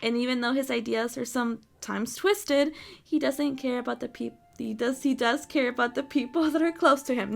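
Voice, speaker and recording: A woman's voice: high voice, moderate pace, vocal fry. Flustered woman reading a game aloud. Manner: flustered, stumbles over words and scolds herself. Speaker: let's play host. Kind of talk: reading a visual novel aloud.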